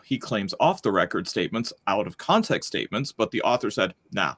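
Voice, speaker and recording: A man's voice: on the low side, sing-song, brisk, fairly bright tone, husky. Wry male panel host. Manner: wry, joking. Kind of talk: panel discussion.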